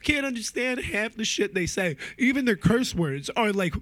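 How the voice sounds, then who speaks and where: A man in his thirties from New Jersey goes on a casual, rambling rant. He packs it with fillers and swears freely. His voice sits a little high and sounds dry and close. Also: animated, normal speed, few pauses, a bit bright, no room sound. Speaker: movie reviewer.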